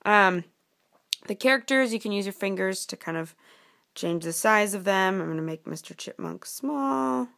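A teacher walks through an app step by step in a casual, relaxed voice at an ordinary pitch. She fills her pauses with frequent "um"s while showing what each button does. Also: gravelly. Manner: casual, filler-heavy explaining. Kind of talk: app tutorial.

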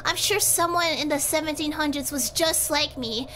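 Very high-pitched giggly woman streamer. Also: moderate pace, sharp tone, a little hiss or hum. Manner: giggly, rambling, talks to chat. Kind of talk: casual livestream chat.

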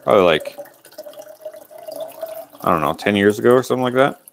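A man in his late twenties with a somewhat low voice hosts a livestream auction. He tells his story in a loose, chatty way, keeps interrupting himself, and drifts off on tangents. He speaks into a microphone he wears. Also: lively intonation, fairly quick, a little hiss or hum. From Canada. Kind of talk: rambling casual storytelling. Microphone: wearing a microphone.

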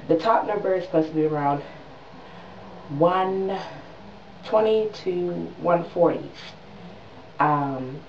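A young woman in her twenties telling a story in a casual vlog, animated and dramatic, with quick voiced asides. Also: on the low side, a little hiss or hum. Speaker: new mother vlogger. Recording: distant mic in an echoey room, dull sound.

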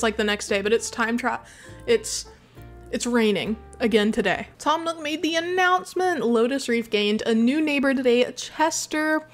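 A chatty woman commenting on her gameplay, drowsy and yawning as she talks. Her voice sits a little high, and she drifts into self-mocking tangents. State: sleepy. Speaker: gaming channel host.

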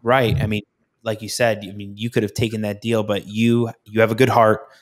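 Low-voiced man hosting an interview. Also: little pitch movement, normal speed. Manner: affirming, asking follow-ups. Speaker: podcast host. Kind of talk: casual interview.

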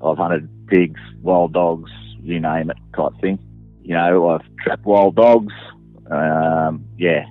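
A plain-spoken Australian sheep farmer recounts things in a matter-of-fact way and often trails off. His voice sits low. It reaches us thin and phone-like with faint music under it. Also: steady tone, takes it slowly, no room sound. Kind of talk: casual recollection.

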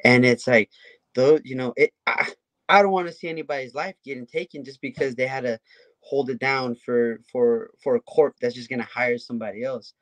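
A man co-hosting a podcast in casual conversation, animated and asking rhetorical questions. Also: mid-range voice, fairly quick, no room sound. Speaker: podcast co-host.

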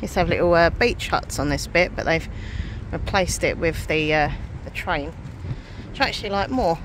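A woman's voice: low voice, lively intonation, normal speed, background noise. Chatty British woman vlogging. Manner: chatty and rambling, many fillers. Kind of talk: casual vlog chat.

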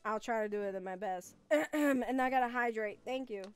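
A young woman streaming a game, chatting casually with viewers, giggly and excitable. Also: on the high side, moderate pace, clear, resonant tone, soft background music. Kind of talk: casual gaming stream chat.

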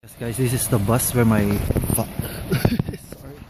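A man's voice: mid-range voice, normal speed. Shivering man vlogging on a noisy street. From Philippines. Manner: excitable, swears a lot, rambling. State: shivering from cold. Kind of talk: casual vlog. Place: outdoors on a city street at night in snow. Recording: loud outdoor street noise. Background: loud traffic and street noise.

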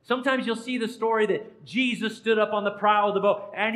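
A man's voice: high-pitched, fairly quick, few pauses, fairly bright tone, low-quality recording. A man, a pastor, giving an interactive sermon in a church and quizzing the congregation by name in a playful way. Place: church sanctuary.

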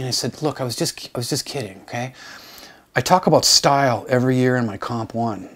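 A male college composition instructor telling a personal story to his class in a casual recorded video lesson. He talks conversationally and acts out quoted lines. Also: mid-range voice. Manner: drops to a soft, hushed tone for the sad parts.

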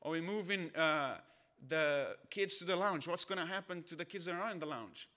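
A man's voice: on the high side, moderate pace, pushed and bright. A man from Brazil, a pastor, preaching a sermon in a conversational, storytelling way. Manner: conversational, storytelling with acted voices.

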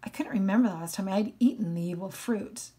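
A woman's voice: medium pitch, a little fast, warm tone. A woman teacher reading a novel aloud expressively and stopping to explain passages to her class. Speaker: English teacher.

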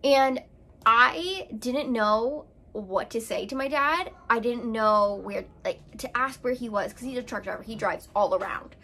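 Higher-voiced woman rambling through a story. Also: unhurried, pushed and bright. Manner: rambling, emotional, many fillers and restarts. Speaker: vlogger. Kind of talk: casual storytelling to camera.

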